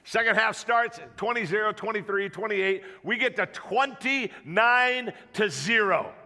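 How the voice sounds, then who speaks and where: Animated storytelling pastor in a reverberant hall. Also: male voice, sits high, measured pace, gravelly. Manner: animated, jokey storyteller acting out voices. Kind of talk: sermon storytelling. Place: church auditorium. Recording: long reverb of a church hall.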